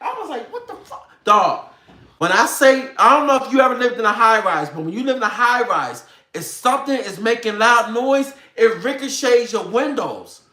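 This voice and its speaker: Man doing a fired-up, profane rant straight to his viewers. Bright, edgy voice in a roomy, echoey space. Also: very high voice, moderate pace. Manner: animated, profane, slangy, addresses viewers directly. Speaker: online commentator. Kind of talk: ranting talk to viewers. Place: home room with a computer. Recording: roomy echo.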